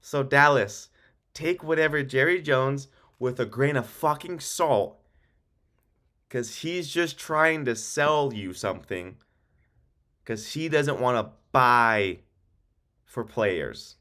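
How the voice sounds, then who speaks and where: A man's voice: mid-range voice, takes it slowly, pauses often, sharp tone. A young man giving casual, rambling football commentary, swearing often and working himself into heated rants. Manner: profane, rambling, heated rants with many ums. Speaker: sports video host.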